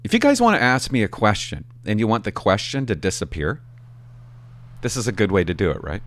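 A man, a former police officer telling stories in a casual, animated and profane way. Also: fairly low pitch, fairly quick. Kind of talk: casual storytelling to camera.

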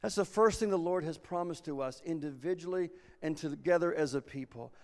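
A man's voice: on the high side, a little fast. A man preaching a sermon as pastor, earnest and repeating himself as he restarts phrases. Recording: long reverb of a large hall.

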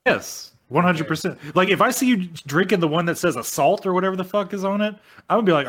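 Lively, teasing podcast co-host man. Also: high voice, fast talker, hardly any pauses. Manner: joking, teasing, blunt. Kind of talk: casual chat.

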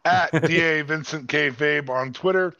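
A man's voice: a little high, fast talker, sharp tone, clear, resonant tone. A man co-hosting a casual podcast, dry and joking. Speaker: podcast co-host. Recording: dry, dull lo-fi sound.

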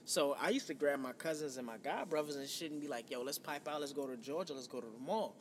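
Casual podcast host, man from New York, 30s, high voice, reverberant room with a faint rumble. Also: fast. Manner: profane, animated storyteller, quoting himself. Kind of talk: casual storytelling chat.

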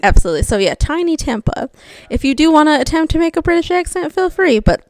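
A woman's voice: high-pitched, very animated, very fast, darkish tone, dry recording. A young woman co-hosting a casual podcast, chatty and upbeat, often laughing as she talks. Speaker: podcast co-host.

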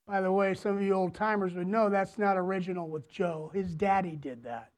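A man preaching a sermon as pastor to his congregation, deliberate, repeating phrases and asking them questions. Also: high voice, darkish tone. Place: church, before a congregation.

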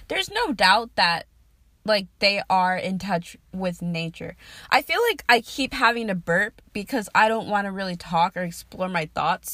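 A woman's voice: mid-range voice, a bit bright, no echo. A young woman hosting a casual solo podcast, rambling and swearing freely, laughing often and losing her train of thought. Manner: chatty, profane, laughs often, trails off mid-sentence. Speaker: podcast host.

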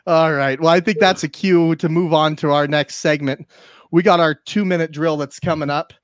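Male podcast host, slightly high voice, dry close sound, playful ribbing. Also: normal speed, no room sound. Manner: excitable, teasing. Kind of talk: casual sports podcast banter.

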